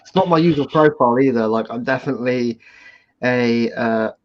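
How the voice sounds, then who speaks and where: A man from the United Kingdom chatting on a livestream video call, energetic and quick to banter. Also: medium pitch. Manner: energetic, plugging, laughing banter. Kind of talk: casual livestream chat. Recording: dull lo-fi call audio.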